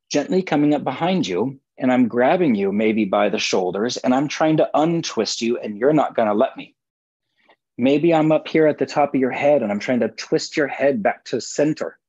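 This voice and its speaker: A man's voice: mid-range voice, a little mellow, slightly rough, highs cut off. A man, a physical therapist, guiding a live stretching session in a playful, goofy, self-mocking way, heard over a video call. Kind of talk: guided exercise instruction.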